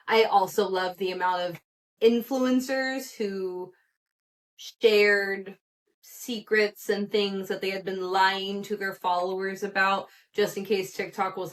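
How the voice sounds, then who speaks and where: A woman hosting a casual solo gossip podcast, chatty and animated, laughing often and acting out the people she quotes. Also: medium pitch. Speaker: podcast host.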